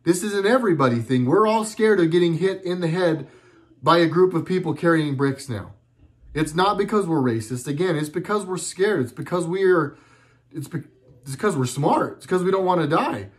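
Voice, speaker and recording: A man's voice: fairly high pitch, animated, normal speed. A middle-aged man talking at home in a casual monologue, earnest and rambling, often stopping and restarting his sentences. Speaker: video blogger.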